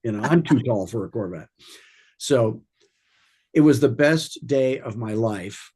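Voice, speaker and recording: A man's voice: mid-range voice, lively intonation, unhurried, darkish tone, slightly rough. A man coaching real estate agents in an informal training talk, rambling through anecdotes with wry humor.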